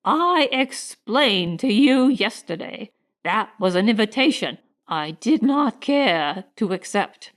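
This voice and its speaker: A woman's voice: mid-range voice, animated, slow. A woman voicing a haughty, indignant older society matron in a raised, pompous tone.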